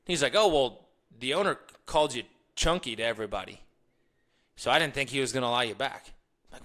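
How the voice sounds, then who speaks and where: Bright-voiced motivational man. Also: medium pitch, fast talker. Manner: energetic storytelling, laughs while telling stories; shifts between hushed and loud emphasis. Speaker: podcast host. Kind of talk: motivational talk.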